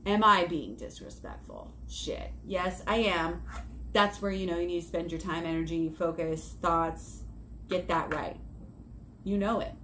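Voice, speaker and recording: Animated, swearing woman vlogger. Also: on the low side, measured pace, a little hiss or hum. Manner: animated, swearing, acting out inner dialogue. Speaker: vlogger on self-help and shadow work. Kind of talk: casual spoken vlog, talking to viewers.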